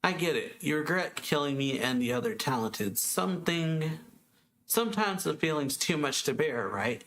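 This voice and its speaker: A man reading out the lines of a cold, vengeful teenage boy from a manga, in a flat, slightly raised voice. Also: moderate pace, slight background noise. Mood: cold, pressing. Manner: reads quoted dialogue flatly, slightly higher than his narration. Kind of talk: reading manga dialogue aloud.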